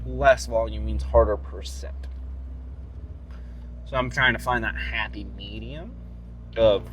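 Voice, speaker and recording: A man's voice: on the low side, slow pace, a little hiss or hum. A man talking casually in a vlog, rambling and swearing freely as he rants and muses about his workouts. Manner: profane, rambling and animated. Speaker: fitness vlogger.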